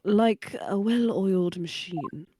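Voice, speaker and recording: A woman's voice: medium pitch, takes it slowly, dark tone, a little hiss or hum, lightly acted. A woman voicing a cold, ambitious villain judge.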